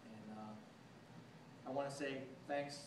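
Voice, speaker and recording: A man's voice: mid-range voice, fairly even intonation, takes it slowly. A man, the groom, gives a short, plain-spoken thank-you speech at his wedding reception. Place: chilly outdoor wedding venue. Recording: echoey, distant mic, crowd and noise.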